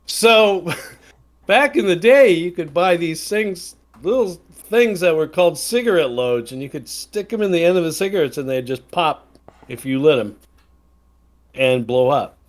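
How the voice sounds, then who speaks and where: A man's voice: fairly high pitch, expressive, unhurried. A man from Wisconsin co-hosting a podcast, telling a rambling anecdote in casual chat with many fillers and restarts. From Wisconsin, USA. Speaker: podcast co-host.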